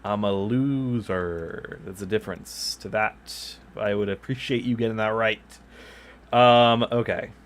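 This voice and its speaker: A man streams a game from his home desk, chatting loosely into a microphone set beside him. His voice is on the low side with a steady tone and measured pace, and he rambles, chuckling often and mocking himself.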